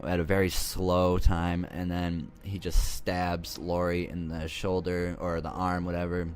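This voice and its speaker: A man with a low, deep voice tells a movie's story in a loose, rambling way. He swears freely and jokes between plot points, sounding casual and unscripted. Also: little pitch movement, measured pace. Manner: rambling, profane, joking. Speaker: movie reviewer.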